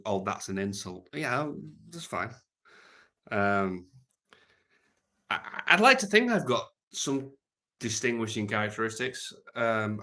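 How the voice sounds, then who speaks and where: Crude rambling British man, bright voice. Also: medium pitch. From Britain. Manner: rambling, crude and joking, trailing off into mumbles. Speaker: livestream host reading chat. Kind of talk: casual unscripted livestream chat.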